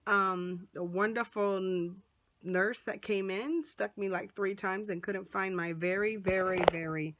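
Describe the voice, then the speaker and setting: A woman vlogger chatting to a small camera at close range, lively and animated, acting out what others said. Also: mid-range voice, unhurried, a little hiss or hum. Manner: chatty, animated, acts out quoted voices. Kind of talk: casual storytelling to camera. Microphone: phone or small camera close up.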